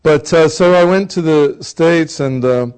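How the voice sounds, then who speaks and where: An older British man, an actor from England, telling rambling, self-deprecating stories in a relaxed conversation. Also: a little high, unhurried, smooth. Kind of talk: conversational storytelling.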